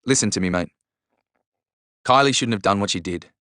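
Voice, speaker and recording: Guy doing a laid-back blunt young bloke, low voice, dry close sound. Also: moderate pace, sharp tone, no room sound. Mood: steady. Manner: blunt, matter-of-fact reassurance. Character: easygoing young man, blunt but steadying.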